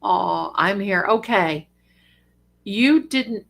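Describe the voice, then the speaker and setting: An older woman hosting a psychic live stream in casual, affectionate chat, calling her viewers darlings, with bursts of lively excitement. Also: medium pitch, drawn-out words, vocal fry. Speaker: psychic livestream host.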